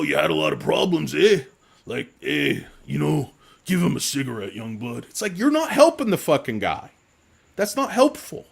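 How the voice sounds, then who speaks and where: A man hosting a casual stock market show, ranting in a profane, sarcastic, rambling way with comic insults. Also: sits high. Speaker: stock commentary host.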